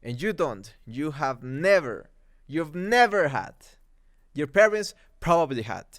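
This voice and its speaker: A man's voice: fairly high pitch, very animated, measured pace, fairly bright tone. A man from Mexico whose first language is Spanish speaks English with a Mexican Spanish accent, ranting through a heated, sarcastic movie commentary. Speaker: commentary YouTuber.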